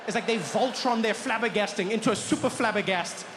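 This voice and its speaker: A man with a South African accent performing stand-up comedy, telling an animated story and acting out the other people in it. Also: very high-pitched, fast talker, background noise.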